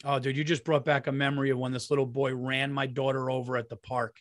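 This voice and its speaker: A man's voice: mid-range voice, little pitch movement, fast talker, a bit bright, dry recording, clean studio sound. A man co-hosting a podcast who rants in an exasperated, profane way during casual banter. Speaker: podcast co-host.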